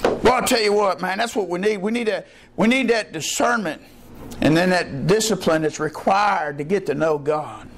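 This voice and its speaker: A man preaching a sermon as pastor, telling folksy stories and climbing into excited high bursts. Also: moderate pace, noisy background. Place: church.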